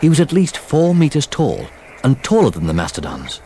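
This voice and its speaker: A man narrating a children's storybook recording in a lively, expressive telling. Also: medium pitch, moderate pace, noisy background. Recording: old storybook record with music.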